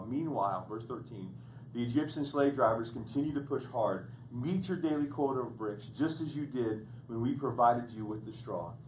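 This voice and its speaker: A man preaching a sermon as pastor, repeating words as he builds to loud, urgent points. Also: mid-range voice, a little hiss or hum. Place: church sanctuary. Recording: echoey room picked up from a distance.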